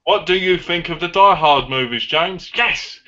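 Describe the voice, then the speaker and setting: A man chatting as a guest on a live online stream, excitable and rambling. His voice is bright and forward, coming through a computer mic with dull, lo-fi call audio. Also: a little high, unhurried. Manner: excitable, rambling movie talk. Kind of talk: casual live chat.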